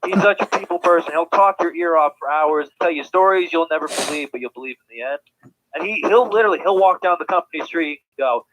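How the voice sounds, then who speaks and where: Male, chatty livestream guest, slightly high voice, lo-fi muffled call sound. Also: brisk, a bit bright. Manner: chatty, stammers on restarts. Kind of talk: casual chat.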